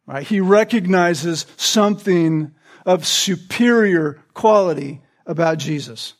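A man delivers an expository sermon in a high-pitched voice. He explains the text word by word, keeps checking in with his listeners, and restarts phrases now and then as he works through each verse. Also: takes it slowly. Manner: explanatory, frequent "right?" checks and small restarts. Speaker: preacher.

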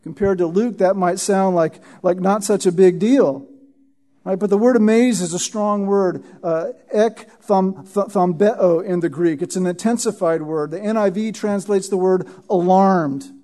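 Teaching verse by verse, this male pastor preaches an expository sermon in a high, dark-toned voice. He frequently stops to ask "Right?" and leans on repeated words for emphasis.

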